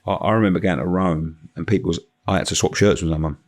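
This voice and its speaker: A man's voice: sits low, quick pace. A man, a podcast guest telling stories in casual chat and swearing freely. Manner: animated storytelling, swears freely.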